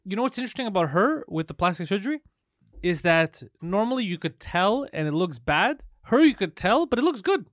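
A man's voice: sits high, sing-song, fairly quick, a bit bright, no echo, clean studio sound. A man co-hosting a comedy podcast, talking in a loose, crude, jokey way and laughing often. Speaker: podcast co-host. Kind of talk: casual comedy podcast chat.

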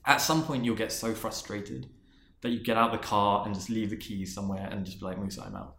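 A man's voice: on the low side, steady tone, brisk, fairly bright tone, roomy sound. A man, a marketing executive and interview guest, sharing a career story in an earnest, reflective way, often restarting and repeating words.

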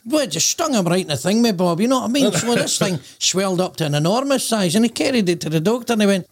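A man's voice: sits high, fast talker, few pauses. A man with a Scottish accent, a comedian guest on a podcast, joking and telling long stories. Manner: joking, animated storyteller. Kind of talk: casual podcast chat.

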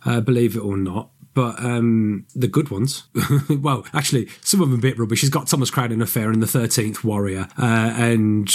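A male podcast co-host chats casually about a book and its film adaptation, rambling, animated and correcting himself as he goes. His voice is mid-range at a normal speed.

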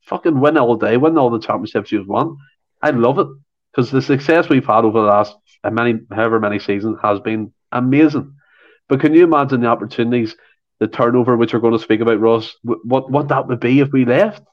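A man's voice: mid-range voice, brisk. A man talks football on a podcast with heated, ranting passion. He often stumbles and repeats himself as he builds his point. The sound is dull and lo-fi. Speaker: podcast co-host. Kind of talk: casual football chat.

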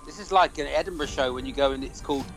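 A man's voice: mid-range voice, quick pace, faint music behind, low-quality recording. An English man co-hosting a podcast, chiming in with jokes and teasing remarks while his partner reads. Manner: jokey interjections, teasing his co-host. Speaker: podcast co-host and comedian. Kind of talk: casual banter.

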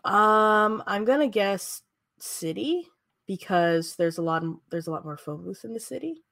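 A woman's voice: mid-range voice, lively intonation, unhurried, gravelly, fairly bright tone, dry recording. A woman chatting casually as a podcast co-host, making sarcastic, jokey guesses and laughing often. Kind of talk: casual chat, guessing at quiz questions.

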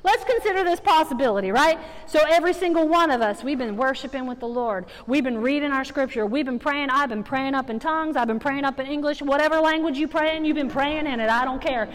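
A woman preaching with a very high voice, her words ringing out in a long-reverb church hall. She builds from conversational teaching to emphatic, rising exhortation. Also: fast, hardly any pauses. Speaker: guest preacher. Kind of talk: sermon. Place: church sanctuary.

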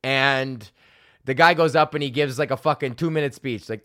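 A comedian in his thirties hosts his own podcast from his home office, telling a casual, profane story and acting out the people he quotes in put-on voices. His mid-range voice moves at a moderate pace, in clean studio sound with no echo.

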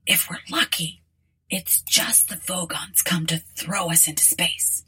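A woman's voice: fairly low pitch, measured pace, pushed and bright, husky, full character voice. A woman voicing a breezy, unflappable male alien traveler in an audiobook, with an offhand, matter-of-fact delivery. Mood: grim.

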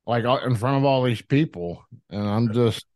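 A man in his thirties, a podcast guest telling his story in a rambling, profane, animated way, with many restarts. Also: mid-range voice, moderate pace, dry recording. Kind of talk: casual storytelling interview.

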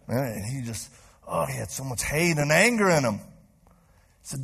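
A man preaching to a live congregation, telling a story with lively acted-out voices. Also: medium pitch, moderate pace, creaky, pauses often, a little hiss or hum. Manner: animated, acts out voices in stories. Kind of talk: sermon storytelling. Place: church stage before a live crowd.

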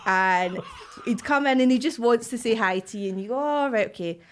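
A woman's voice: a little high, a little fast. Glaswegian woman telling stories animatedly. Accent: Glaswegian Scottish. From Glasgow, Scotland. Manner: animated storytelling, acts out quoted voices. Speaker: podcast guest, actor and writer. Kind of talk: casual chat.

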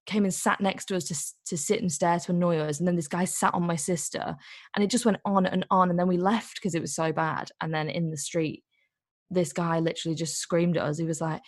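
A woman telling a story in a casual, chatty way, full of "like" and quick asides. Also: lowish voice, steady tone, no room sound, studio quality. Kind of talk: casual chat.

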